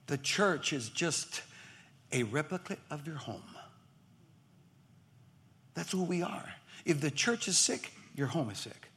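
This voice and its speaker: Man, pastor, high voice, gravelly edge, emphatic sermon, shouts and hushed asides. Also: animated, takes it slowly, long pauses. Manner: emphatic preaching, swinging from shouts to near whispers, acting out congregants.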